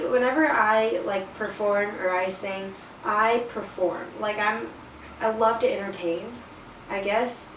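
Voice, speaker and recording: A teenage girl telling a storytime in a chatty, casual way, full of fillers and self-conscious laughs. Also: a little high. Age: teens. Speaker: vlogger. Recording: roomy, a bit distant, faint noise.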